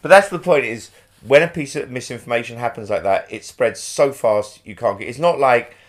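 A man's voice: medium pitch, normal speed. A man, a comedian, chatting easily and agreeing often. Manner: easygoing, agreeable, lots of "yeah". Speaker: stand-up comedian. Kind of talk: casual chat between comedians.

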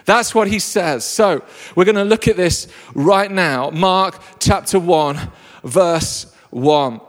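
A man preaching a lively, jokey sermon to a live congregation. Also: high voice, takes it slowly. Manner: enthusiastic, jokey storyteller. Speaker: pastor. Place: church hall with a live congregation. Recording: long reverb of a large hall.

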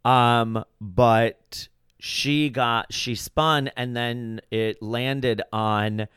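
Comedian guest, male, animated rambling delivery, smooth voice, dry close mic. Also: medium pitch, no room sound. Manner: animated storytelling, quick rambling. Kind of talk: casual chat. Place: his apartment in New York.

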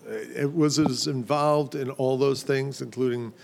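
Gravelly fifties guy rambling on a podcast, lots of uhs, faint hiss behind. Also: mid-range voice, fairly even intonation, unhurried, a little mellow. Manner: rambling, hesitant, many fillers. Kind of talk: casual chat.

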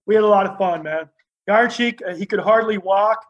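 Man, high voice, animated storyteller, lively anecdotes, guest on a talk show. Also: brisk, highs cut off. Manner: lively, acts out the other people in his stories. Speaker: guest telling wrestling stories.

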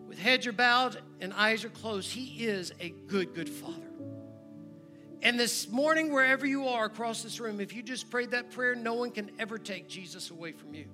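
A man with a high, very bright voice preaches in a church sanctuary, leading an invitation to prayer. He moves from loud, urgent appeals to hushed, prayerful lines, and soft music plays faintly behind him. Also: normal speed. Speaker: guest preacher, church member. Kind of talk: sermon with altar call.

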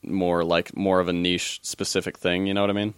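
A man's voice: low-pitched, little pitch movement, brisk, clear, resonant tone. A man hosting a casual podcast chat, rambling with restarts and swearing freely.

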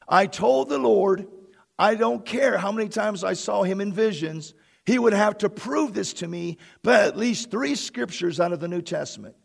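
A man preaching with a high, gravelly voice that has a husky edge. He reads a story aloud to his congregation as part of a fervent sermon, and now and then he rises into shouts. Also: lively intonation, normal speed. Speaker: pastor.

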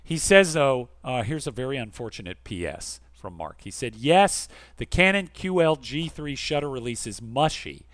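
A man co-hosting a podcast, reading listener emails aloud expressively and going quiet and soft for the serious ones. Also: normal speed, few pauses, no echo. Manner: expressive reader, dropping soft and low for serious letters. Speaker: podcast co-host.

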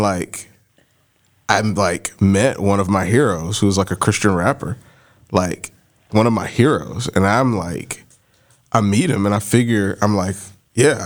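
A man co-hosting a podcast, telling a story in a rambling, casual way with lots of filler words. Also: lowish voice. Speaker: podcast co-host. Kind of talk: casual chat.

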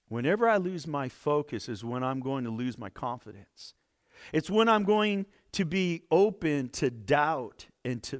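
A man preaching a sermon, retelling a Bible story and explaining it. He lifts his voice to stress a point and drops to a near hush. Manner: expressive, rises for emphasis and drops low to a hush. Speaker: pastor.

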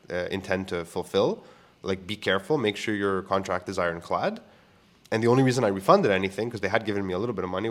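A young man hosting a podcast, telling candid stories about clients in a casual, profane way with frequent restarts. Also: on the low side. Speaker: podcast host. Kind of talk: casual storytelling monologue.

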